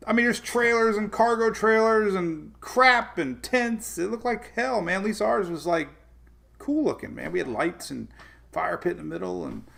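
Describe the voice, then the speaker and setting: Gravelly-voiced man telling a story casually. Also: a little high. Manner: animated storytelling, frequent laughs and restarts. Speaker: weather show host. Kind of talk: casual livestream chat.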